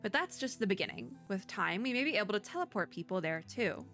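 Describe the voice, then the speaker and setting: A composed female snake leader chairing a meeting, read out by a woman in an everyday voice. She speaks in a measured, businesslike way, with no dramatic flourish. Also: mid-range voice, very animated, fairly bright tone, faint music behind.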